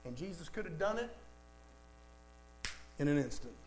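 A man's voice: a little high, lively intonation, moderate pace, a little mellow, slight background noise, poor audio. A man preaching a sermon, emphatic, repeating lines for stress and speaking straight to the congregation. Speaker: pastor.

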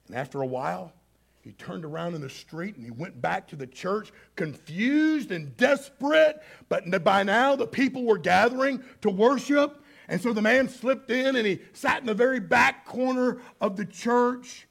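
A man preaching a sermon, telling stories dramatically and swinging between loud and hushed delivery. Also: sits high, animated, measured pace, gravelly. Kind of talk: sermon storytelling.

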